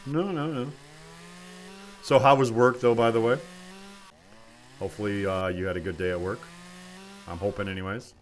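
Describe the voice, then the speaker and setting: A man's voice: lowish voice, steady tone, a little fast, long pauses, slight background noise. A man chatting casually with his viewers while playing a logging game on a live stream, rambling and talking things over with his chat.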